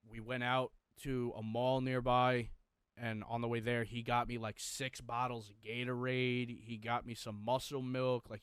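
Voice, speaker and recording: Mid-range and a bit bright, this male podcast co-host's voice has a clean tone without echo. He is young and tells a personal story with raw intensity, emotion, and plenty of profanity.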